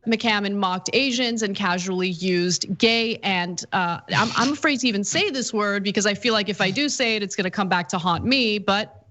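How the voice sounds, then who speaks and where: A woman's voice: mid-range voice, normal speed, fairly bright tone. A woman co-hosting a talk show, reading out news items with wry, hesitant asides.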